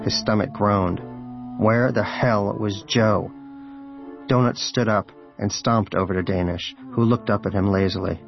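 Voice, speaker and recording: A man's voice: on the low side, steady tone, a little slow, muffled recording, soft background music. A man narrating a story in audiobook style, with a dry, wry storytelling manner.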